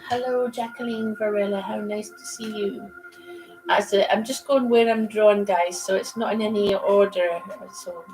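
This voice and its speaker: A woman's voice: mid-range voice, steady tone, normal speed, darkish tone, poor audio. Chatty woman tarot reader over music. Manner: chatty, rambling, laughs easily. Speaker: psychic reader on a livestream. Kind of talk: casual livestream tarot reading. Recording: music playing behind.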